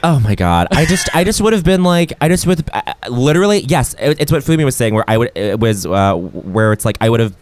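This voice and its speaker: Young male comedian guest, expressive swooping delivery, casual and profane. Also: mid-range voice, a little fast, hardly any pauses, no echo. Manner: animated, swears freely, breaks into laughter. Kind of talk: casual podcast chat.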